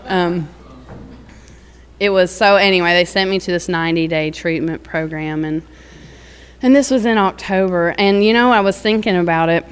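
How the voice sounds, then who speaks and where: A woman recovery speaker gives a personal testimony about her recovery, candid and rambling, with lots of fillers and laughter. Her voice sits on the low side, clean in tone, at a normal speed.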